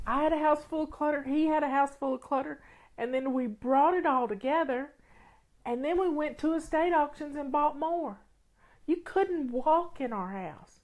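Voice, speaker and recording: A woman's voice: high voice, moderate pace. A woman hosting a casual livestream, reading comments, tearful and sniffly, rambling with many restarts. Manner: rambling, warm, frequent restarts and laughs. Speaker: livestream host.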